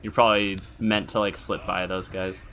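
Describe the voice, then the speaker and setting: A man's voice: sits low, level tone, moderate pace, fairly bright tone, slight background noise. A man streaming a horror game, chatting casually, giggling and thinking aloud as he plays. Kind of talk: casual live-stream chat.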